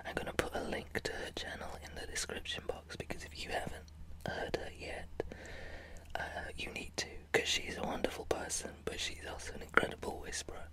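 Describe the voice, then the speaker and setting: Whispering British woman, ASMR vlog. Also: brisk. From Britain. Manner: soft, close whisper, friendly and apologetic. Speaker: ASMR channel host.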